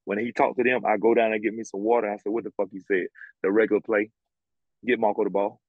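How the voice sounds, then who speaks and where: A man with a fairly low voice talks quickly, recorded dry through narrow, tinny audio. He's a former college basketball player from the American South, telling stories in a casual interview with blunt, animated delivery and plenty of swearing.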